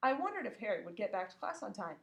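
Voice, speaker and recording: A woman reading a children's book aloud, expressive and acting out the characters. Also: medium pitch, fast, gravelly, highs cut off. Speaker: reader. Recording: echoey room.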